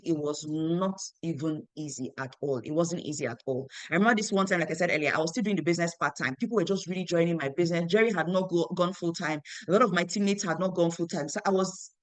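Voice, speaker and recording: A young woman with a fairly low voice shares a motivational story about her business, recorded with no room sound. As a network marketing team leader, she speaks animatedly, repeats phrases and acts out the dialogue she quotes.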